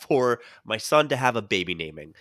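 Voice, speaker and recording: A man co-hosting a casual podcast, telling stories in an animated way and slipping into quoted voices. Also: medium pitch, moderate pace, no room sound, studio quality. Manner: animated storyteller who jumps into quoted voices. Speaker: podcast co-host.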